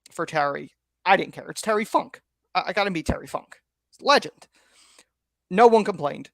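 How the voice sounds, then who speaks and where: Lively storytelling man, higher voice. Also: gravelly, dry recording, clean studio sound. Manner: lively storyteller who laughs often. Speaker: podcast co-host. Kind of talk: casual chat, anecdote telling.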